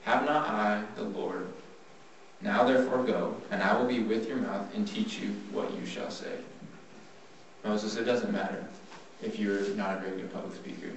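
A man giving a devotional Bible talk, plain and earnest, slowing down when he reads scripture. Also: on the low side, fairly even intonation, gravelly. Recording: echoey room from far off, faint noise.

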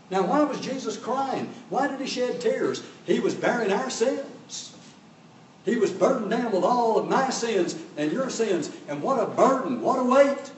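A man's voice: high voice, a little mellow, roomy sound, distant mic, slight background noise, rough recording. An older man preaching a sermon with fervour, swelling and dropping his voice for emphasis.

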